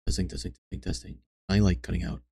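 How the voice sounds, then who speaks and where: A man streaming, chatting softly and bluntly with viewers on a close microphone, teasing and swearing. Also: low voice, little pitch movement, quick pace, creaky, slight background noise. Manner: blunt, profane, teasing chat. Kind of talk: soft-spoken ASMR stream chat. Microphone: close desk microphone.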